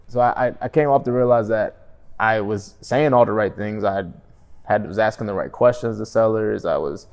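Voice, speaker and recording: Young male vlogger, lowish voice, relaxed conversational delivery with "right?" tag questions. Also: vocal fry. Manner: conversational, frequent "right?" tag questions, self-described monotone. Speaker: real estate wholesaler and vlogger. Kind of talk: casual motivational vlog talk.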